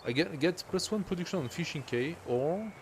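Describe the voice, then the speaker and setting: A man's voice: fairly high pitch, lively intonation, moderate pace, background noise. A man streaming a strategy game, thinking aloud and reading game text as he plays. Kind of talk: casual live gameplay commentary.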